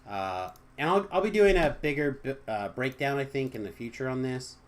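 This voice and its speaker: A young man chatting casually with viewers on a live game stream, joking and trailing off into quiet asides. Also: mid-range voice, lively intonation, normal speed.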